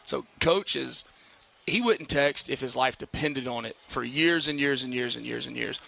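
A man talks like a coach on a live radio show, his gravelly voice bright and forward. He stops and restarts often and fills gaps with "you know". When he tells a story he picks up and gets lively. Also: medium pitch, slight background noise. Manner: halting, many fillers and restarts, animated when telling stories. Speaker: head football coach. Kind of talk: casual radio interview. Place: outdoor brewery patio at a live radio show.

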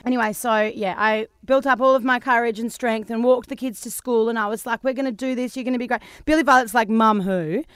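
Australian woman, thirties, podcast co-host, rapid animated storyteller, smooth dry studio voice. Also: on the high side, no room sound. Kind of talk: casual chat.

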